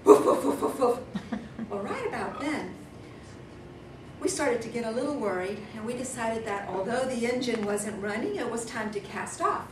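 A woman giving a humorous storytelling speech as guest speaker, lively and chuckling, acting out sounds. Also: fairly high pitch, normal speed. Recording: echoey room from far off with noise.

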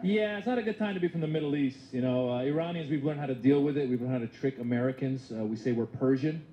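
A man's voice: medium pitch, quick pace, lo-fi sound. A young male stand-up comedian from Iran with a chatty style full of rhetorical asides, performing a set. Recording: live club with audience laughter and noise.

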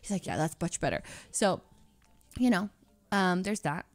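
A young woman streamer casually telling an anecdote to her chat, animated and quoting others in lively voices. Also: lowish voice, normal speed, no room sound.

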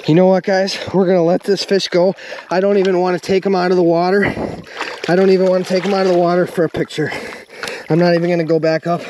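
A man's voice: sits high, level tone, fast talker. A man hosting a fishing vlog, breathless and exclaiming as he fights a fish on a riverbank, recorded on a camera mic. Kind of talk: live excited commentary while fighting a fish. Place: outdoors on a riverbank. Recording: outdoor recording with loud water noise.

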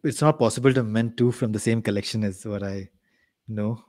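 A man's voice: lowish voice, a little fast, darkish tone, no room sound. Man host asking short questions. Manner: short questions and brief acknowledgements. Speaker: interview host. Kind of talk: casual livestream interview.

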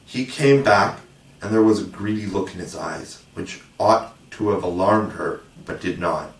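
Audiobook reader: man, measured and gentle, lowish voice, echoey room, mic kept at a distance. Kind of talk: storybook narration.

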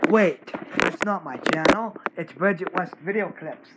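A man's voice: high voice, a little slow, heavy background noise. A man ranting to camera as the channel owner, scolding someone in short, repetitive bursts. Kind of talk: angry rant to camera.

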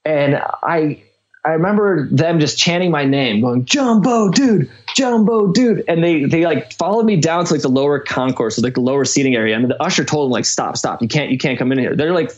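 A young man from Chicago tells a long story as a guest, rambling along with plenty of "like" and "um". His voice sits at an ordinary middle pitch. The recording sounds a little dull and lo-fi. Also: a little fast. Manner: rambling, filler-heavy, animated storytelling. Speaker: podcast guest. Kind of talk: casual storytelling.

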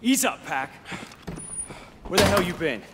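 An actor playing a veteran male squad leader giving brisk radio commands in a war game. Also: high voice, sing-song, very noisy. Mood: commanding. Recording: reverberant space with loud ambience.

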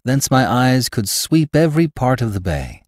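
A man hosting a podcast, reading a classic novel aloud in a measured, expressive way. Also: medium pitch, dry recording. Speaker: host and narrator. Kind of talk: audiobook narration of a classic novel.

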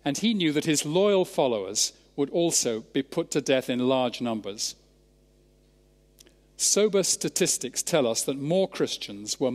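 A Scottish man preaching a sermon, expounding scripture in a measured, emphatic way. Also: mid-range voice. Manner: measured, emphatic Bible exposition. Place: large church. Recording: church sermon with long reverb.

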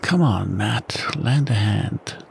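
A man's voice: on the low side, slow pace, gravelly, slight background noise, full character voice. A man in whispered role-play voicing a stern, determined younger man trying to save a dog. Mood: urgent.

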